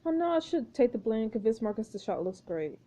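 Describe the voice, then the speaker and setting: A woman playing through a story game, reading the text aloud and chatting about her choices with frequent laughs. Her voice is high and animated, with a soft, mellow tone. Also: brisk. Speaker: let's play gamer.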